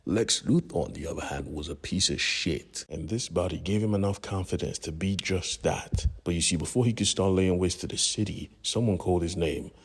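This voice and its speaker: A man's voice: low voice, normal speed, hardly any pauses, breathy edge. A man casually retelling a comic book story, slangy and profane. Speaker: comic book recap narrator.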